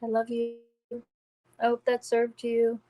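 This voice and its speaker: A woman working as a psychic medium, giving a live-stream spirit reading and speaking gently and reassuringly to viewers by name. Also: on the high side, completely flat delivery, a little slow, highs cut off, background noise.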